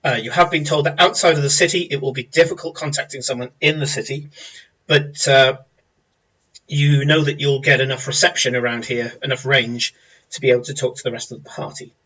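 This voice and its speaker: Bright-voiced man running a tabletop game. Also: medium pitch, fairly even intonation, husky, distant mic, rough recording. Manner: halting, filler-heavy explaining. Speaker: game master.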